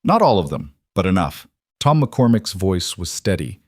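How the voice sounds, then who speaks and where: A male narrator reading a dramatic scripted story in a measured way. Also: low-pitched, very animated, a little mellow, no echo, studio quality.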